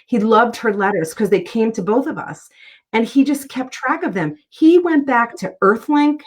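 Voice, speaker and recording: A woman's voice: a little high, animated, normal speed. A middle-aged woman, a guest author in a casual interview, talking in an earnest, heartfelt way as she tells personal stories.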